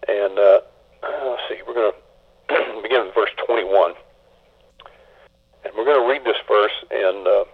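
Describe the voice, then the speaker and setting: Husky man giving a sermon, lots of stops and restarts, phone-line sound. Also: mid-range voice. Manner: halting, with many restarts and fillers. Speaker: preacher.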